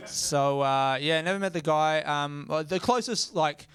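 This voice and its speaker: A man's voice: fairly high pitch, a little slow, a bit bright. An Australian man performing stand-up comedy, casual and self-mocking, with frequent swearing.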